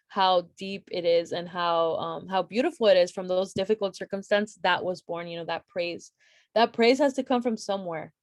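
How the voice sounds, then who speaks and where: An earnest young woman talks through a Bible passage in a casual, unscripted way, often stopping to restart and leaning on "like" as a filler. Her voice sits at a middle pitch and sounds dry and close, with no room around it. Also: a little mellow, dry recording. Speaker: youth Bible study leader. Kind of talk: casual Bible study talk.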